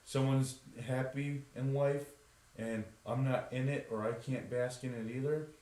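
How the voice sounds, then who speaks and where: A man's voice: medium pitch, fairly even intonation, a little slow, mellow. A young man co-hosting a podcast who tells stories casually and animatedly, acting out the voices of the people he quotes. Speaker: podcast co-host. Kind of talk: casual storytelling. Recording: roomy echo.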